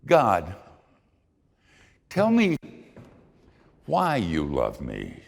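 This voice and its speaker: A man voicing a giddy, overjoyed man who dances and excitedly begs God for reassurance. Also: low-pitched, drawn-out words, creaky, big-room sound, exaggerated voice. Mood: giddy pleading.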